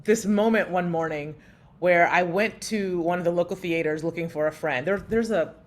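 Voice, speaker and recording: A woman in her thirties co-hosting a podcast, telling a story in lively conversation and acting out the voices of people she quotes. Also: normal speed. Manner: animated, acts out quotes with big pitch jumps. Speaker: podcast co-host.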